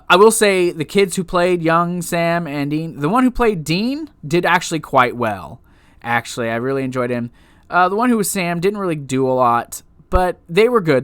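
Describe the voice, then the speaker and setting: Exasperated man ranting in a lively voice. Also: a little high, dry recording. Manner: exasperated, animated ranting with frequent restarts. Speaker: TV episode reviewer. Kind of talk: casual ranting review.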